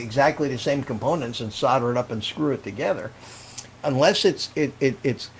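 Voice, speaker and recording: A man's voice: medium pitch, slight background noise. An older man hosting a live stream, chatting casually and rambling, often laughing as he reads out viewer comments.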